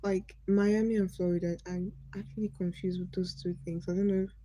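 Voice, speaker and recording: Chatty Nigerian woman with a bright voice. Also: lowish voice, little pitch movement, a little fast, a little hiss or hum, rough recording. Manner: chatty, greets viewers by name, asks curious questions. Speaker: livestream host. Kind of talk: casual livestream chat with viewers.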